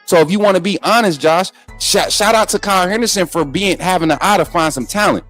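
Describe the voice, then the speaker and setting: A man with a high-pitched voice hosts a live sports talk stream. He talks combatively and repeats himself, speaking straight to his viewers. Faint music plays behind him. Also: a little fast, fairly bright tone. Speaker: sports show host.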